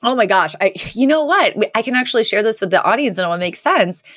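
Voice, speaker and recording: A woman co-hosting a podcast in a casual chat, chatty and quick to laugh, with lots of "like". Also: fairly high pitch, lively intonation, a bit bright, dry recording, studio quality. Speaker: podcast co-host.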